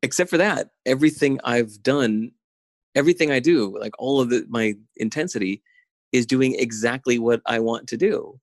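A middle-aged man talking casually in an interview, intense and animated, with many filler words. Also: mid-range voice, moderate pace, no room sound. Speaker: guest. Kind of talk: casual conversation. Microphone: remote call.

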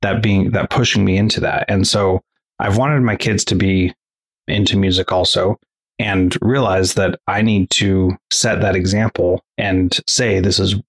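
A man's voice: sits low, fairly even intonation, measured pace, slightly rough. A man hosting an interview, asking thoughtful questions and sharing his own family experiences, often restarting sentences. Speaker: podcast host. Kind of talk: casual interview conversation.

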